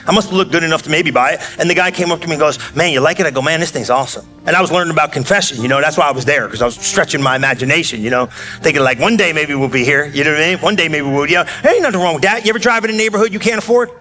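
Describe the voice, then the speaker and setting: Male preacher, high bright voice, animated storytelling sermon, faint music underneath. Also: rapid-fire. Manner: animated, conversational storytelling with shouted bursts.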